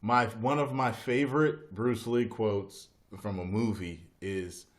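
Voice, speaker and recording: A man's voice: lowish voice, steady tone, slow pace. A man hosting a casual live stream, jokey and slangy, teasing his viewers.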